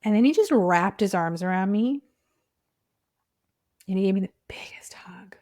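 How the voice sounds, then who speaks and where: A woman's voice: medium pitch, lively intonation, normal speed, darkish tone, no room sound, studio quality. A woman hosting a personal podcast, telling her story in a heartfelt, casual way and often dropping to a near whisper. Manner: casual, frequent "like" fillers. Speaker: podcast host and clinic owner.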